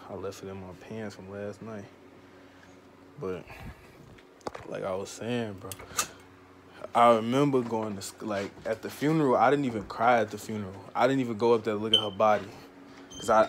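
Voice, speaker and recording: A man's voice: on the low side, background noise. Young man holding back tears. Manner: emotional, holding back tears, slangy and rambling. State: close to tears. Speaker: family vlogger. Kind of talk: emotional personal confession to camera.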